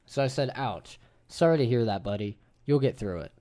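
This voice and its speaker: Animated, swearing man hosting a podcast. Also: medium pitch, normal speed. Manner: animated storyteller, swears casually. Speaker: podcast host. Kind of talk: casual group chat.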